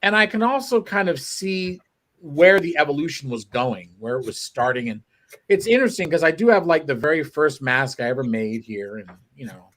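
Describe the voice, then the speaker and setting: A man's voice: a little high, animated, moderate pace, fairly bright tone. A man chatting as a guest on a talk show, rambling and correcting himself as he tells stories. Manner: rambling, self-correcting storyteller. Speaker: guest sculptor. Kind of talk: casual chat.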